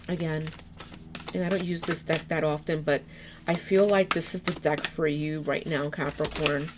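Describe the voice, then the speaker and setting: A woman with a low, deep voice gives a tarot reading, gentle and encouraging as she turns the cards. Her voice is a little hoarse. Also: slight background noise. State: slightly hoarse. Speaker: tarot reader.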